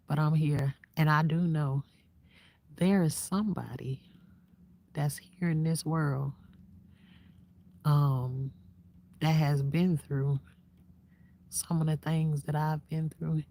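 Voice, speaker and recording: Soft-spoken woman with a gravelly, warm voice. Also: low voice. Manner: soft-spoken, half-whispering, reflective. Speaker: vlogger. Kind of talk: casual heartfelt talk to viewers. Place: outdoors at night in the quiet countryside.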